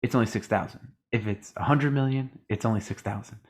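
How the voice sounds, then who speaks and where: A man's voice: on the low side, fairly quick. A tired man co-hosting a podcast, rambling in casual chat, swearing freely and acting out other people's lines. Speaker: podcast co-host.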